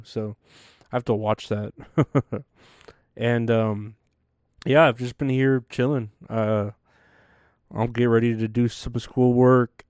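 A man's voice: mid-range voice, a little mellow, clean tone, no echo, clean studio sound. A young man hosting a show, rambling casually and cursing often between laughs. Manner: profane, chatty, laughs often. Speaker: podcast host.

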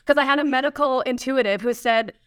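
A young woman podcast co-host telling stories in an animated, chatty way with lots of quoted asides. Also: high-pitched, brisk. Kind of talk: casual conversation.

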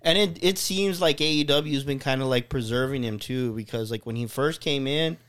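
Smooth-voiced laid-back podcast host. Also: male voice, medium pitch, moderate pace, fairly bright tone. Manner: laid-back, filler-heavy talk. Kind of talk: casual chat.

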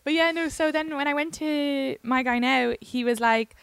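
A woman's voice: high voice, normal speed, creaky, background noise. A young Irish woman, a comedian guest, telling stories in casual podcast chat, acting out quotes and swearing freely. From Ireland. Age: young adult.

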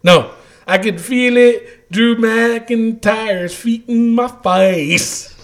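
A man co-hosting a wrestling podcast in casual chat, animated and laughing often as he rants. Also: very high-pitched, drawn-out words. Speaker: podcast co-host.

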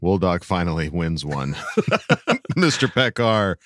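A man's voice: sits low, big pitch swings, takes it slowly, a bit bright. A man hosting a casual sports podcast, reading out listener questions and laughing often.

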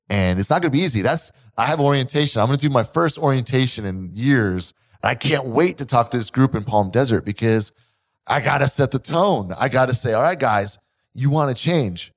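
A man's voice: mid-range voice, brisk. A man co-hosting a casual podcast, a fitness coach telling stories energetically and acting out quotes. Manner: energetic, animated storytelling with acted-out quotes. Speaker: fitness gym owner and podcast co-host.

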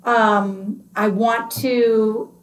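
A woman's voice: on the high side, steady tone, very slow. A woman hosting an interview, affirming and appreciative toward her guest. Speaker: podcast host. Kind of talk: conversational interview. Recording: echoey room.

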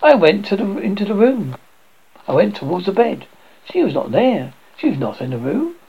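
Gravelly man reading a horror tale. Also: sits high, very animated, moderate pace, lo-fi sound. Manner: theatrical, with stumbles and restarts. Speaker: horror story narrator. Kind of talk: dramatic reading of a classic story.

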